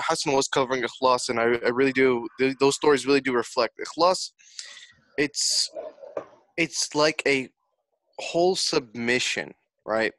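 A man's voice: mid-range voice, a bit bright, no room sound, low-quality recording. A man giving a hesitant, thoughtful reflection over a video call, with fillers and restarts as he speaks. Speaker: discussion co-leader.

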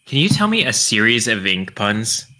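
A man with a sharp, very bright voice chatting casually on a stream. He jokes and rambles, tripping over restarts as he goes. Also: on the low side, very animated, low-quality recording. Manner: joking, rambling, halting. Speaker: streamer guest.

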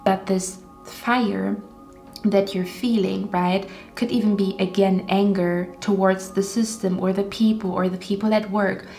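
A woman's voice: medium pitch, steady tone, measured pace, warm tone, faint music behind. A woman giving an intuitive tarot reading to her viewers, earnest and repetitive, often checking in with "okay?". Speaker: tarot card reader.

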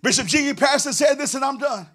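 High-voiced pastor in a sing-song sermon. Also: male voice, quick pace, crowd noise. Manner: sing-song preaching, rising to shouted whooping cadence; call-and-response with the congregation. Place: church. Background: music.

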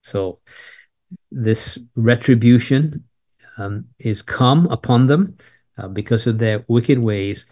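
A man of ordinary, mid-range pitch leads a verse-by-verse Bible teaching. He reads each passage aloud and then talks it through in a relaxed, explanatory way, with a soft chuckle here and there. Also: slow pace. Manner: conversational and explanatory, reading scripture aloud then unpacking it.

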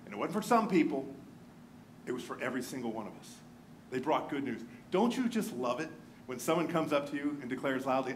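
A male pastor preaching a sermon in a church, telling stories with lively swings and dropping to a hushed near-whisper for emphasis. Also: medium pitch, a little fast, slight background noise. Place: church sanctuary.

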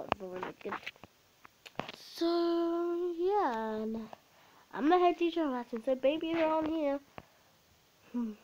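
A woman's voice: a little high, a little mellow, muffled recording, a little hiss or hum. A woman chatting casually and rambling as she narrates her own game role-play. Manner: chatty, rambling, with many restarts.

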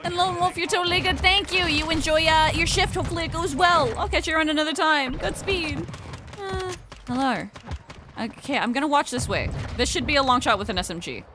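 A woman's voice: high voice, a little fast, noisy background. A young woman streaming a shooter game, chatting casually with her chat and swearing often.

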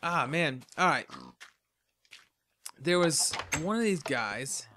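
Man, let's play host, casual game commentary, rambling, tired, slightly high voice. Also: animated, takes it slowly, noisy background. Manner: rambling, chatty, talks to himself while playing. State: tired and yawning.

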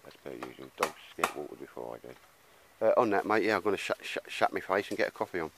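Out in the woodland, a man with a low, expressive voice chats quickly to his handheld camera about outdoor gear, rambling in a blokey way and calling people mate, with a noisy background.

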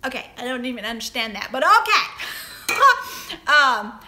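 Here the middle-aged livestream host, Southern US accent and all, speaks at a measured pace in a slightly high, sharp voice with big pitch swings. She chats casually in an echoey room and greets viewers by name.

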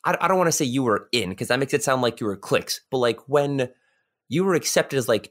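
A man's voice: mid-range voice, expressive, fast, a bit bright. A young man from New York telling a story in casual podcast chat, rambling with lots of fillers and restarts. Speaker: podcast guest.

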